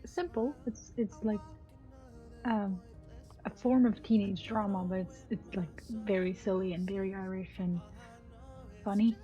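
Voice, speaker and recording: A woman with a Scottish accent chatting casually on a game stream, relaxed and hesitant with many pauses. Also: mid-range voice, lo-fi sound, soft background music.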